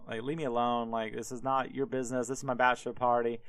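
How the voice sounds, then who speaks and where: A man's voice: mid-range voice, little pitch movement, fast talker, clean tone, dry recording, lightly acted. A man voicing an irritated, dismissive young strongman in a comic podcast retelling. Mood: annoyed. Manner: curt, brushing off.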